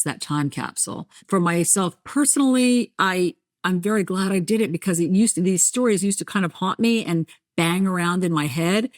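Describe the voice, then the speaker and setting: A middle-aged woman from New Jersey with a light New Jersey accent, a journalist telling stories as a podcast guest, animated and self-deprecating. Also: sits low, no room sound, clean studio sound. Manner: animated storyteller, acts out voices, self-deprecating. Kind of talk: candid conversational interview.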